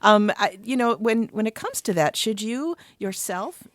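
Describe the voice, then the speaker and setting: Calm woman hosting a radio call-in. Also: medium pitch, unhurried, no echo, studio quality. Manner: calm, reads listener questions, brief affirmations. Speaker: radio host. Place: radio studio. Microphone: studio microphone.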